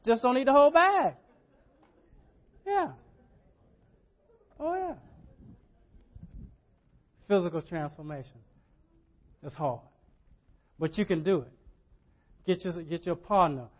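A man's voice: sits high, sing-song, slow pace, long pauses, highs cut off. A man preaching a sermon as pastor, in a folksy, repetitive way, often asking the congregation questions.

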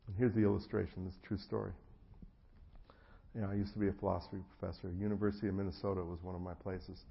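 A middle-aged man preaching a sermon, telling personal stories, acting out the voices of the people in them and swinging from hushed tones to loud bursts. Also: low voice, level tone, racing, gravelly, breathy edge, highs cut off. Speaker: pastor. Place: church hall before an audience.

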